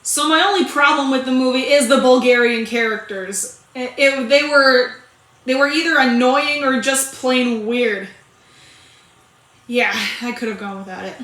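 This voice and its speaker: A woman with a high, bright voice talks through a movie review in a loose, rambling way. She often restarts her sentences and laughs between them. The sound is echoey, as if she is in a bare room. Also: a little slow. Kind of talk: casual spoken movie review.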